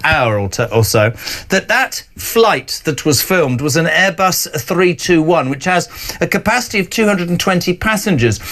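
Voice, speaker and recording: A male presenter with a notably high voice, holding forth on a panel discussion. He rants with heated conviction and drops in sarcastic asides. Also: a bit bright. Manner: impassioned, sarcastic ranting. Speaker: talk show presenter.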